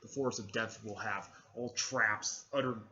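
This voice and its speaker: A man's voice: fairly low pitch, steady tone, a little slow, bright, forceful tone, dull audio. A man voicing a stern female ninja exam proctor while retelling a story, barking orders in his own voice.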